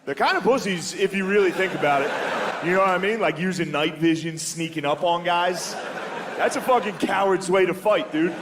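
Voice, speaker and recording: A man's voice: sits high, normal speed, background noise. A man doing a stand-up comedy set, laid-back and crude, often slipping into exaggerated character voices. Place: comedy club stage before a laughing audience.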